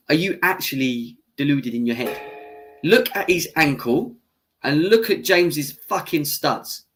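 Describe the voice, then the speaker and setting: Ranting through a live-stream match reaction, this young football fan channel host has a medium-pitched, slightly bright voice. He swears and argues heatedly with viewers in the chat, then shrugs off his own bias with a laugh.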